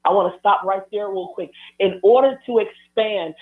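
A man's voice: sits high, moderate pace, soft background music. A man preaching a sermon, driving his points home with repeated, building refrains. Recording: tinny phone-like broadcast sound.

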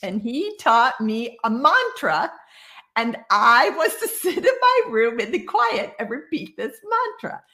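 A woman in her sixties from Iowa with a slightly high voice tells her story as a guest over a video call. She talks casually and animatedly and slips into the voices of the people she quotes. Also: measured pace. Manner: lively storyteller who acts out quoted dialogue. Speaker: guest psychic medium.

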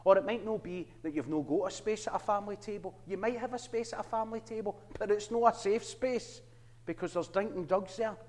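A man's voice: high-pitched, a little mellow, big-room sound. A man with a Glaswegian Scottish accent giving an earnest presentation to a church audience, preaching with wry humorous asides. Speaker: Christian ministry worker.

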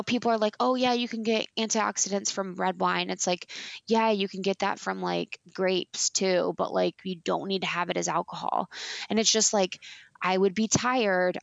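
Gravelly-voiced young woman, chatty guest. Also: medium pitch, steady tone, moderate pace, no echo. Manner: chatty, frequent "like" and "you know" fillers, emphatic. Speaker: podcast guest, blogger and podcaster. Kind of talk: casual interview chat. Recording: dry, slightly dull lo-fi sound.

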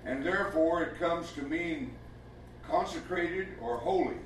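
A man's voice: fairly high pitch, measured pace, a little hiss or hum. A man preaching a sermon in a folksy, emphatic way, asking rhetorical questions in a church. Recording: echoey room with the mic far off.

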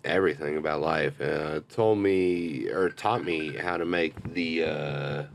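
Young man, podcast guest, bar manager, very low voice, loose rambling chat, casual swearing. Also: steady tone, unhurried, gravelly, slight background noise. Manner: laid-back, rambling, swears freely.

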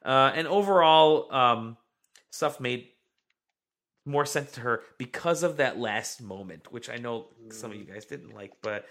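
Chatting loosely on his podcast, this man reads out listener comments and fills his talk with fillers as he rambles. He sounds animated and fairly bright at medium pitch, speaking a little slowly.

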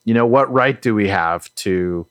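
A man's voice: on the low side, measured pace, no echo, clean studio sound. A man co-hosting a podcast, musing casually with lots of "you know"s and repeated words. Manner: rambling, reflective, many "you know"s and repeats. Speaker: podcast co-host. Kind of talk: casual chat.

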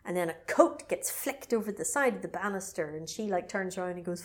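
Lively woman retelling a film. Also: lowish voice, a little fast, few pauses. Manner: animated storyteller, swearing and bursting into mock voices. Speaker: podcast co-host. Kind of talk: casual chat retelling a film plot.

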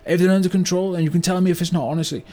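An actor playing a remorseful older British business owner in a comedy monologue, with a rambling delivery full of "you know" and "right?". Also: male voice, high voice, fairly even intonation, very fast, mellow, natural voice. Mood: rueful. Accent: British English. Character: remorseful older male car yard owner, blunt. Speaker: business owner telling a story. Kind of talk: mock-documentary comedy monologue.

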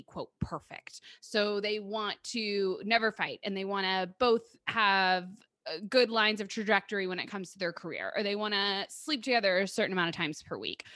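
Bright-voiced woman therapist co-host. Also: medium pitch, no echo, clean studio sound. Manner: explanatory, coaching tone. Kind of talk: casual conversation.

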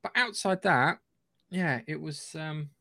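A man co-hosting a podcast, telling stories in an animated way and swearing often. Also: a little high, slow, gravelly, no room sound, studio quality. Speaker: podcast co-host. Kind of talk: casual chat.

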